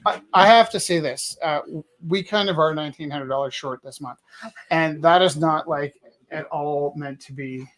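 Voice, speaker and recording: A man's voice: a little high, moderate pace, fairly bright tone. A man running a casual live art auction, chatty and earnest, wandering from bids into asides about the gallery.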